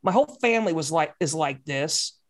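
A woman's voice: low-pitched, expressive, a little fast. A woman in her forties telling a story in casual podcast chat, heated and swearing freely.

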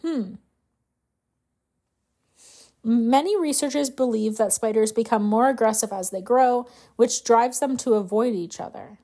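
A woman's voice: fairly high pitch, a little slow, long pauses, mellow. A young woman hosting a casual solo podcast, ranting with profanity and sarcasm and thinking aloud as she looks things up. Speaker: podcast host.

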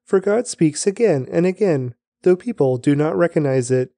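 Man reading scripture, mellow voice. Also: a little high, lively intonation, vocal fry, no room sound, clean studio sound. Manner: measured, deliberate reading. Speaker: scripture reader.

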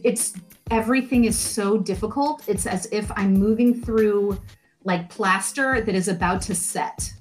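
A middle-aged woman, a life coach, talking as a podcast guest in a lively, expressive way with playful asides. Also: mid-range voice. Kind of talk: podcast interview.

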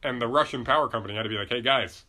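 A man's voice: mid-range voice, racing, sharp tone. A man co-hosting a podcast in casual banter, crude and sarcastic with lots of swearing. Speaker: podcast co-host.

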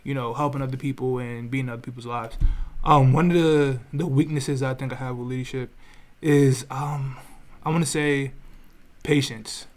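A man's voice: medium pitch, normal speed. A man with a mid-range voice talks casually on a podcast. His phrasing is loose and slangy, and he often restarts and checks in with his listeners. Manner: relaxed slangy talk with restarts and "you feel me". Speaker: podcast co-host.

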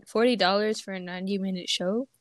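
A young woman co-hosts a relaxed chat at a mid pitch, musing in a laid-back way. Her voice is close and dry, with no room echo. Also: quick pace. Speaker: co-host. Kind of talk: casual chat.

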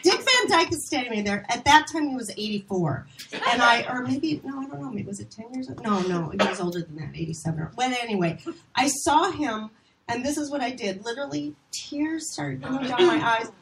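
A middle-aged woman from Minnesota, a casting director, telling animated, self-deprecating stories in a rambling chat. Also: a little high, a little fast, crowd noise. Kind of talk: casual storytelling chat.

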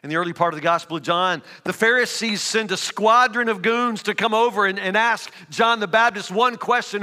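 Male preacher, high and bright, emphatic sermon delivery, reverberant church hall. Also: a little fast, hardly any pauses. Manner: reads scripture then builds to emphatic, rising preaching.

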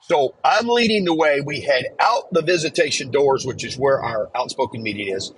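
A middle-aged man hosting a podcast, telling a story in a reflective, measured way and acting out the lines he quotes. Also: mid-range voice, lively intonation, slight background noise, low-quality recording. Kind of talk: casual storytelling.

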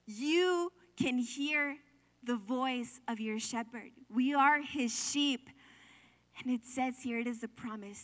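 A woman's voice: on the high side, takes it slowly, fairly bright tone. A young woman preaching a sermon in an earnest, conversational way, full of asides and restarts. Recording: long hall reverb.

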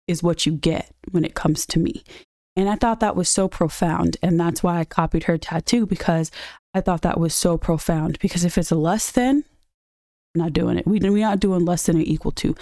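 A woman's voice: fairly low pitch, mellow, no room sound, studio quality. Blunt, swearing young woman venting. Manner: candid and blunt, swears freely. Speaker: podcast host. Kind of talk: casual personal vent.

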